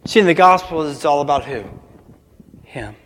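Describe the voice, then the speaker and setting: A man's voice: on the high side, quick pace, a bit bright, long reverb tail, a little hiss or hum. A man preaching a sermon as pastor, asking the congregation call-and-response questions.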